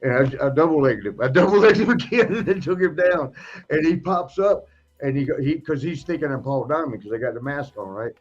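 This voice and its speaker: A man with a husky, breathy voice tells stories in a loose, laughing way and slips into other people's voices to act them out. The sound is dull and lo-fi, with faint music under it. It comes across as a podcast chat. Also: fairly high pitch, a little fast. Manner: laughing, animated storyteller acting out other people. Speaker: podcast guest, retired wrestler. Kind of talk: casual storytelling chat.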